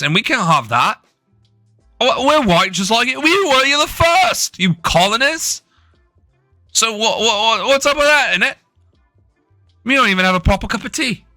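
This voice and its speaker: A man's voice: sits high, pushed and bright, dry recording, clean studio sound, pitched above the performer's own voice, heavily acted. A man putting on an indignant British bloke with a slangy, scolding manner. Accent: British put-on. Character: mocking cockney-style British bloke, indignant.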